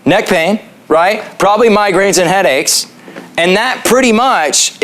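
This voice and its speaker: A man with a fairly high voice teaches a health class in his chiropractic office. He keeps it casual and joking, and keeps putting questions to the room. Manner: joking, asks the audience questions.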